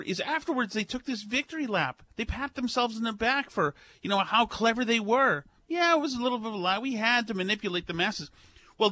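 A man's voice: high-pitched, bright, forceful tone, no echo. A man speaking as a guest on a talk radio show, sarcastic and heated. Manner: sarcastic, heated political commentary.

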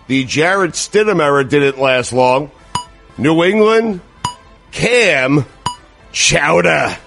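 Slow, lively-pitched radio co-host man. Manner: wry, deadpan delivery of jokes. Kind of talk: sports radio segment. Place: home, video call.

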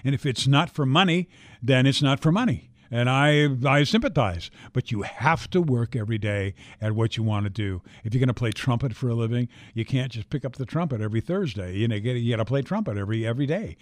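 An older man tells stories in a relaxed interview, animated and loose, often restarting phrases and swearing freely. His voice sits at an ordinary pitch and sounds dry and close, with no room around it. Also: fast talker, dry recording. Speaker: guest actor. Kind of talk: casual interview storytelling.

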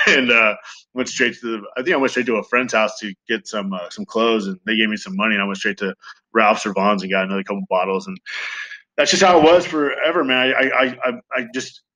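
Man, 30s, rapid-fire candid storyteller, bright, crisp voice, swears freely. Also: lowish voice, rough recording. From Southern California. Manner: fast, profane, animated retelling with acted quotes. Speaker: guest sharing recovery story.

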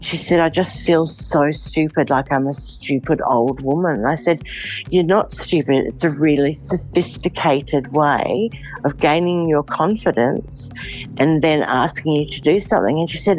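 A woman's voice: low-pitched, measured pace, a little mellow, muffled recording, faint music behind. A woman, an interviewee earnestly recounting how her mother was scammed. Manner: earnest, upset retelling. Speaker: interviewee, daughter of a scam victim. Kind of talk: interview recollection.

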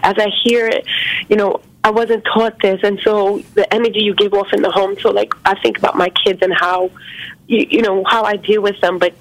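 A woman calling in to a talk show, speaking in an earnest, halting and grateful way. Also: mid-range voice, little pitch movement. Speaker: caller. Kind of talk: call-in talk. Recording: phone line.

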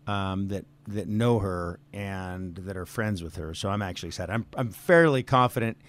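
A man's voice: low-pitched, normal speed. Outspoken middle-aged man telling stories. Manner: outspoken storyteller, acts out quotes. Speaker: arena manager, guest. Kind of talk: casual interview chat. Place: office.

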